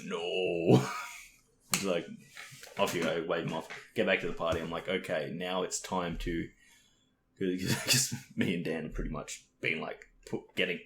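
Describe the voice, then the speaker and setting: A young man co-hosts a podcast, swapping stories in casual chat, laughing a lot, swearing, and acting out the people he describes. His voice is low and creaky, recorded with a roomy echo and faint noise.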